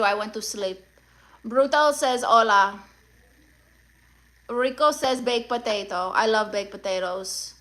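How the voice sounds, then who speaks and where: A woman with Spanish-accented English hosts a livestream, reading viewers' chat messages aloud. Her voice sits high and sounds bright and sharp. She is sassy and teasing, and playfully demands tips and payments. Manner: sassy, mock-demanding, greets viewers by name. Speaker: livestream comedian.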